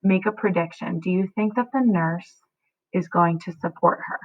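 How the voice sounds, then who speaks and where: A woman's voice: fairly low pitch, moderate pace, no echo. Teacher woman, tinny line. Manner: explanatory, checks in with students. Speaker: English teacher. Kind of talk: read-aloud lesson. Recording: tinny phone-like audio.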